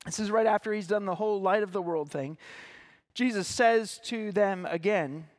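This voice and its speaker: A man's voice: sits high, moderate pace. A man pastor preaching a sermon, reading scripture aloud and explaining it earnestly, with occasional restarts and fillers.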